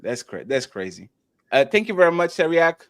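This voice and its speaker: A man's voice: a little high, big pitch swings, moderate pace, no echo. A man hosting a live-streamed talk show, chatting loosely, stumbling over restarts and thanking viewers by name. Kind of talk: casual live-stream chat.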